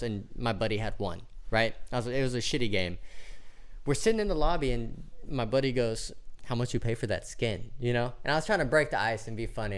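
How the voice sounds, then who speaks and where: A man co-hosting a casual podcast, telling stories in an animated way, swearing freely and acting out what people said. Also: medium pitch, smooth. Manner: animated storyteller, swears freely, acts out quotes. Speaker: podcast co-host. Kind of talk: casual sports and gaming chat.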